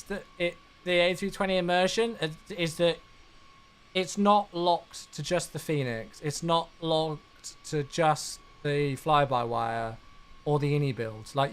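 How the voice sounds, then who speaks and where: Animated high-voiced man streaming. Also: normal speed. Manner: rambling, chatty, answers viewer questions. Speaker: flight sim streamer. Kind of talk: casual live-stream chat.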